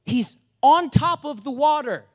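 A man with a notably high voice delivers a sermon as a pastor. He preaches casually and energetically, mixing humor and slang into his message. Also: expressive, unhurried.

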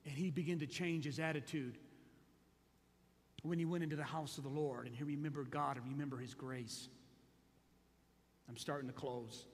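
A male pastor preaching a sermon, moving from hushed storytelling to shouted exhortation. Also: fairly high pitch, steady tone, normal speed, long pauses. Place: large church hall. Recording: echoey hall.

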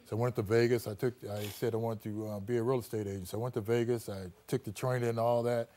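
A middle-aged man, a former athlete, telling his story in a relaxed interview, full of "you know" and acted-out quotes. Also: mid-range voice, fast talker.

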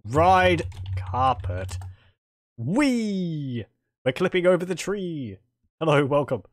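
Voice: mid-range voice, big pitch swings, a little slow, no echo, clean studio sound. A streamer doing let's play commentary, thinking aloud, speaking typed game commands and chuckling. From Australia.

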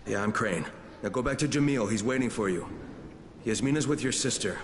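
An actor playing a steady male survivor hero in a game cutscene, speaking in a measured, reassuring way. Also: mid-range voice, big-room sound, slight background noise, natural voice. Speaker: game character.

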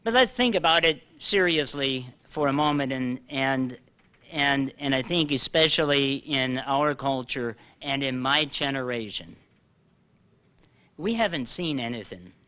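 An older man preaching a sermon, animated and joking at himself, slowing down to read scripture aloud. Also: mid-range voice, clean tone. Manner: animated, self-deprecating, reads scripture slowly. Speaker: pastor. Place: church hall.

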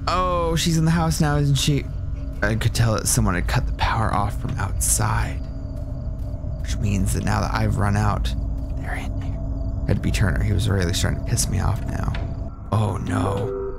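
Man, young adult, lowish voice, horror game commentary, sweary and jokey, sometimes whispering, game music behind. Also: little pitch movement, normal speed, creaky. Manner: joking, swears a lot, drops into whispers. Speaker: gaming streamer.

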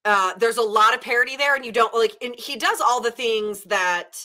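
A chatty woman talking through a book in a casual club discussion. Her voice is bright and forward, and her speech is loose and rambling, with "like" and "um" all through it. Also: on the high side, moderate pace. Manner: chatty, many "like" and "um" fillers. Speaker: former literature teacher.

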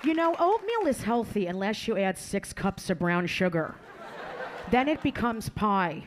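A woman's voice: mid-range voice, very animated, measured pace. A woman doing live stand-up comedy on a club stage, with a brash, crude delivery and sudden jumps in her voice. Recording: live club audience and noise.

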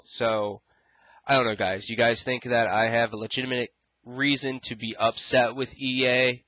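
A man's voice: fairly low pitch, pushed and bright, no echo, muffled recording. A young man vlogging casually about a customer service hassle, rambling and frustrated, acting out both sides of the calls. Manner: frustrated, rambling, quotes others in exaggerated voices. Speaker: gaming YouTuber. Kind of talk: casual ranting vlog.

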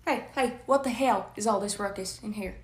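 A woman performing a comedy sketch, animated and switching between characters. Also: medium pitch, moderate pace, roomy sound, a little hiss or hum. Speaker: comedy creator.

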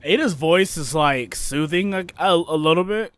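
A young man giving excitable, jokey let's play commentary, talking to his viewers. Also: on the high side, moderate pace. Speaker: gaming YouTuber.

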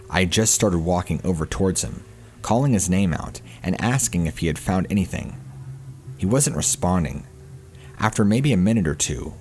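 Deep-voiced man narrating a horror story. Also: a little mellow.

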